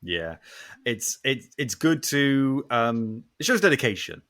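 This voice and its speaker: Male host, casual and animated, wide-ranging pitch, easy laugh. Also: takes it slowly, no echo, clean studio sound. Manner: animated, laughs often, slips into silly character voices. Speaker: podcast host. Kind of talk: casual chat. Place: home podcast setup.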